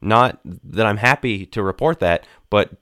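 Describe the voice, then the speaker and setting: A man's voice: lowish voice, unhurried, sharp tone, no room sound, studio quality. A man on a church discussion panel, explaining Bible passages earnestly, with frequent restarts.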